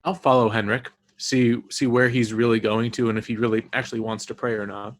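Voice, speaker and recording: A man's voice: medium pitch, little pitch movement, a little fast. A man playing in a tabletop game, matter-of-fact. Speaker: player. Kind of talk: casual tabletop play.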